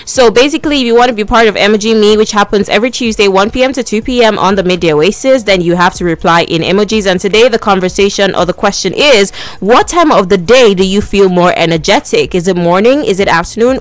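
A woman's voice: mid-range voice, no echo. A young woman hosting a midday radio show, chatting playfully and speaking straight to her listeners. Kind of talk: casual radio chat.

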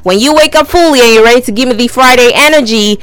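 A young woman hosting a call-in radio show, talking in a brash, teasing, energetic way. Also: fairly high pitch, quick pace, clear, resonant tone, dry recording. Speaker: radio host. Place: radio studio. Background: faint music.

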